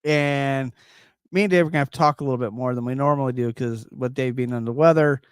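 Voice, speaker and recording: A man's voice: mid-range voice, quick pace, clean tone, no echo, studio quality. A man co-hosting a podcast, bantering casually, laughing often and tripping over his own restarts. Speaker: podcast co-host.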